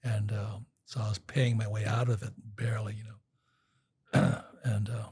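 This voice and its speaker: A man's voice: on the low side, level tone, measured pace, a little mellow, slightly rough, no echo, studio quality. An older man telling rambling stories in a casual interview, acting out quotes with frequent restarts. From Hawaii. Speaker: guest.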